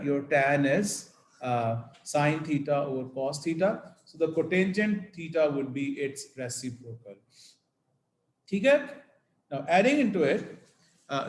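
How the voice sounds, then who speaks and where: A man teaching maths, working through each step slowly and stopping to ask "okay?". His voice sits at an ordinary middle pitch. The room around him has a noticeable echo. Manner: slow, deliberate explanation with frequent "okay?" checks. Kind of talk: whiteboard maths lesson.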